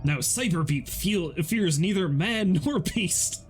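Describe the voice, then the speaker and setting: A man's voice: high-pitched, animated, faint music behind, pitched above the performer's own voice. A man doing a boastful little cyborg bug warrior. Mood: grandiose. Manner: slow, grandiose, self-important.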